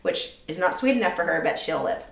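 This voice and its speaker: A woman's voice: fairly low pitch, lively intonation, brisk, creaky. Chatty woman art teacher, echoey room. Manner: chatty, reads viewer comments aloud, coaching. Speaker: art teacher and livestream host. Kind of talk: casual livestream chat while teaching. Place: home studio, indoors.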